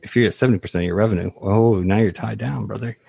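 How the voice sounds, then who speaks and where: A man guesting on a business podcast, an animated storyteller who explains through analogies. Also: lowish voice, rapid-fire, creaky, slightly rough, dry recording, clean studio sound. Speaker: guest, practice valuation advisor. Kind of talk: podcast interview.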